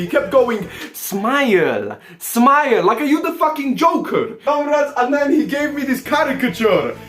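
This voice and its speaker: A young man narrating a casual travel vlog, excitable and swearing, calling his audience comrades again and again. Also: extremely high pitch. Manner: excitable, swears, says "comrades" in nearly every line. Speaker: vlogger host. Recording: roomy echo, faint music behind.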